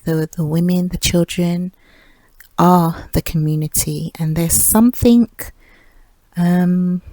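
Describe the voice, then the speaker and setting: A woman hosting a reflective solo podcast, speaking softly and drifting into near-whispers with light laughs. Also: lowish voice, no room sound, rough recording. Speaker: podcast host.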